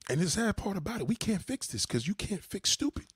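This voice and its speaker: A man hosting a livestream, delivering a profane, heated rant at his chat and swinging from low mutters to high outbursts. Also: big pitch swings, fairly quick, breathy edge, no echo, studio quality. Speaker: livestream host. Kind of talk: ranting monologue to a live chat.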